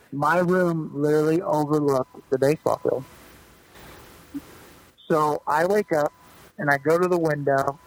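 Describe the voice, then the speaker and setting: His voice is fairly high, and the recording is rough. A former professional baseball player and podcast guest, he tells his stories loosely and with animation, leaning heavily on fillers.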